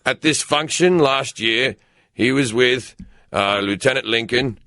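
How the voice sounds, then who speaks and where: A man voicing a booming, posh English army sergeant who addresses a room of soldiers in a formal, commanding manner. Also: measured pace, sharp tone. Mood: solemn.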